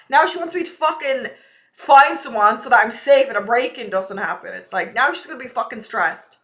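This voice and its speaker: A woman's voice: fairly high pitch, lively intonation, a little fast, a bit bright. A young woman streaming live, chatting casually and ranting with a lot of swearing.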